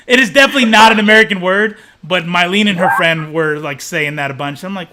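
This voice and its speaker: Young male co-host, bright, animated, loose-tongued. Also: sits high, fairly quick. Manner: animated, swearing, rambling. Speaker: co-host of a comics podcast. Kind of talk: casual live-stream chat.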